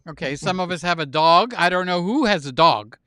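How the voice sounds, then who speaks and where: A man hosting a livestream, chatting with guests and telling silly jokes in an animated way while laughing at them. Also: high voice, fairly quick, a little hiss or hum. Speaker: livestream host. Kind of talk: casual chat with guests.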